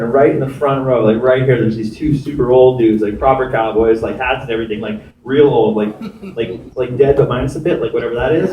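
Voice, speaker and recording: A man's voice: mid-range voice, darkish tone. A man performing a stand-up comedy set as a magician, telling self-mocking stories in a chatty way full of "like". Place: live comedy stage in a venue. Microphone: filmed from the audience. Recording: distant roomy audience-camera recording with background noise.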